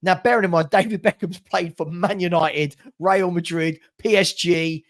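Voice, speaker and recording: A man hosting a fan channel rants passionately about his football club in heated chat, stumbling over repeated words and laughing often. His voice is high, with fairly even intonation and a moderate pace.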